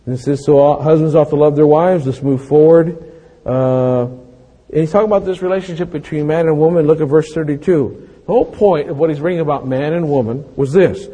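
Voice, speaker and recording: A man's voice: fairly high pitch, fairly quick, warm tone, husky. A man in his late fifties preaching a sermon, mixing scripture reading with folksy, self-mocking stories. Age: 50s. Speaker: pastor. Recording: long hall reverb.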